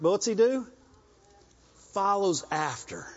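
A man's voice: high voice, lively intonation, measured pace. A man with a rural Southern US accent preaching a sermon, exhorting the congregation and often repeating himself and asking for an "Amen". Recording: dull lo-fi recording.

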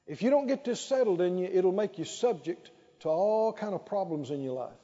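A man's voice: sits high, lively intonation, dark tone. A male pastor preaching a sermon, stretching out key phrases and leading the congregation in repeating lines back. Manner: emphatic, drawn-out phrases with call-and-response. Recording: dull, lo-fi sound with long hall reverb.

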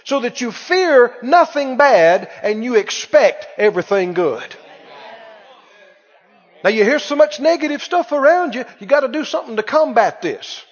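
Pastor, high-pitched, emphatic call-and-response preaching; muffled sound, long reverb. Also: male voice, big pitch swings, normal speed. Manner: emphatic, repetitive preaching, calls for audience response. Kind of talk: sermon. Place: church hall. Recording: muffled, reverberant church recording.

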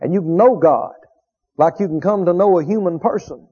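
A man's voice: high-pitched, moderate pace, warm tone, husky. A man preaching a sermon, emphatic, repeating key phrases and drawing out quoted scripture. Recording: dull lo-fi recording.

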